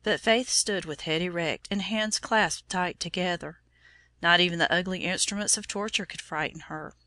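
Bright-voiced woman storyteller. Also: lowish voice, no room sound. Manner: measured and solemn. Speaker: narrator. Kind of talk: storybook narration.

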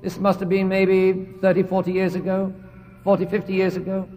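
A man's voice: sits high, completely flat delivery, moderate pace, warm tone, long reverb tail. A man preaching a sermon in a church, earnest and emphatic, repeating phrases for stress.

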